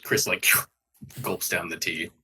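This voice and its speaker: A man playing a tabletop game, talking in halting bursts with many restarts. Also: deep voice, steady tone, pushed and bright, breathy edge. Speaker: player. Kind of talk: casual tabletop role-play.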